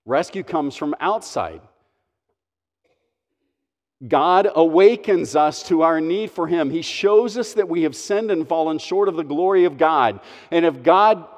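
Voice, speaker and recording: A man delivers a sermon in a slightly high voice, unhurried and deliberate. He preaches earnestly, leaning hard on key phrases. His voice carries a long reverb, as in a large hall. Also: a little mellow. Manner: earnest, emphatic preaching with slow stressed phrases. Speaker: pastor.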